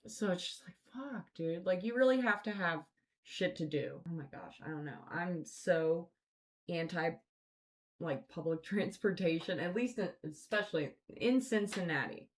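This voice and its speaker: A woman's voice: fairly low pitch, moderate pace. A woman hosting a podcast, telling stories in a casual, rambling way full of swearing and fillers. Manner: rambling, profane, filler-heavy. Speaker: podcast host. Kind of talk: casual storytelling chat.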